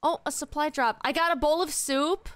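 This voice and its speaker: Young woman streamer, high bright voice, exasperated and swearing, dry close mic. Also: normal speed, dry recording. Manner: exasperated, swearing, yelling at chat. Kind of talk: live game streaming.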